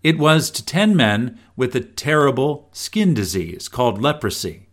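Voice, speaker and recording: A man reading scripture and a family devotional in an expressive storytelling manner. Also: medium pitch. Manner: slow, expressive storytelling with voiced quotes.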